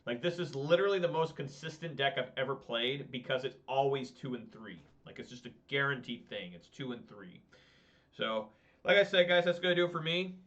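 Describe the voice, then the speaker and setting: Rambling male game streamer, bright voice. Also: medium pitch, lively intonation, a little fast. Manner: rambling, frank, grumbling with fillers. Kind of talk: casual outro chat while gaming. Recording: slightly dull lo-fi stream audio.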